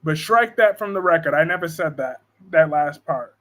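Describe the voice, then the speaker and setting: A man's voice: a little high, moderate pace, fairly bright tone. A man hosting a casual live stream from home, joking and reading viewer comments aloud. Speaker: live-stream host discussing soap operas.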